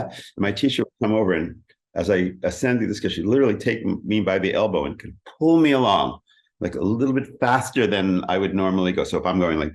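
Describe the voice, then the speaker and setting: A middle-aged man in a casual interview, explaining practice in a lively way and often singing rhythms as "da da da". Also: sits low, a little fast. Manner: animated, sings rhythms as "da da". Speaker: interview guest, keyboardist.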